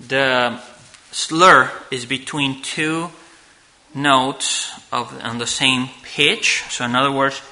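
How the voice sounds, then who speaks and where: Bright-voiced man giving a halting lecture. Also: mid-range voice, a little hiss or hum, poor audio. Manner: halting, restarts and fillers, asks "okay?" often. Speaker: church music teacher. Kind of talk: slide-based lecture.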